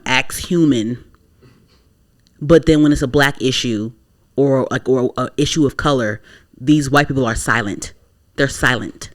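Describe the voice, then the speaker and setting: A young woman from the Washington DC area, co-hosting a podcast, has a bass voice with a fairly bright tone. She rants bluntly and profanely in a casual opinion chat.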